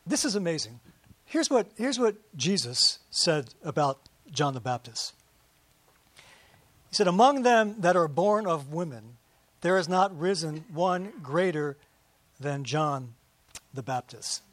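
A pastor with a high-pitched voice delivers a relaxed, conversational sermon, peppering his congregation with rhetorical questions and quick asides. The recording is close and dry, with almost no room around it.

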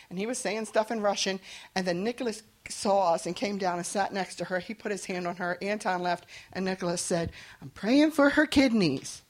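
A woman sharing a testimony at a church meeting, speaking in a halting, earnest way. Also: mid-range voice. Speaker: church member giving testimony. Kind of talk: spoken testimony.

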